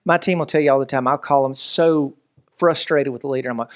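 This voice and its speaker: A man, preaching a lively, joking sermon as pastor. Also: medium pitch, fast talker. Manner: animated, joking, preacherly delivery with voices and asides.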